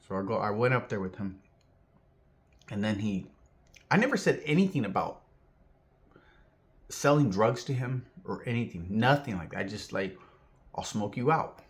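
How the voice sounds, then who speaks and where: A man from Southern California vlogs a rambling personal tale in a lowish voice at normal speed, pausing often. He uses plenty of fillers and gets animated, acting out how other people sounded.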